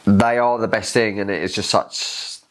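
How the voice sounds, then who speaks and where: Deep-voiced young English podcast host. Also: male voice, fairly even intonation, normal speed. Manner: reflective, loose and rambling. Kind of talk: casual chat.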